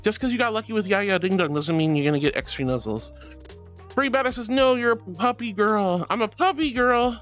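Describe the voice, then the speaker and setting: A woman streaming as a VTuber, casually reading chat with bubbly, affectionate warmth, calling viewers sweetie and honey. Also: very animated, brisk, faint music behind. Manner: playful, swings between squeaky highs and low mutters.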